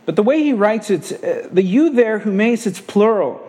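Male preacher with a high voice, emphatic sermon delivery, repeats lines for stress. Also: lively intonation, moderate pace, mellow. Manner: emphatic, repeating key phrases. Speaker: pastor.

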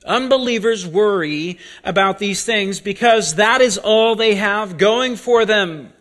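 A male preacher with a fairly high, slightly bright voice delivers a sermon at an unhurried pace. He speaks deliberately, often repeating key words to drive his point home.

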